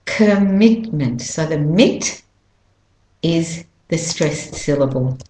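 Slow-talking woman teaching pronunciation. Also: deep voice, a little mellow. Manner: repeats words slowly, stretching stressed syllables. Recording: echoey room.

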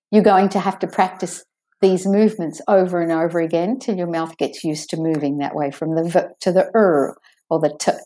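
A woman teaching English pronunciation, patiently saying model words slowly and clearly, then explaining how each should sound. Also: lowish voice, warm tone. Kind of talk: pronunciation lesson.

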